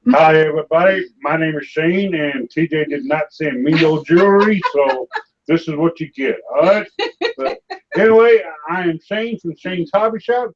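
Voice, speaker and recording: A man on a panel introducing himself in a joking, playful way. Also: a little high. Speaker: panel member. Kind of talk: casual panel chat. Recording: dull lo-fi line.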